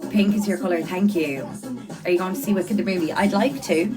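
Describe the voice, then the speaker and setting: A woman's voice: on the low side, a little fast, over music. A young woman, hosting a casual livestream and reading out viewer comments in a chatty, earnest way, repeating words for emphasis. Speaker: livestreamer and podcast host.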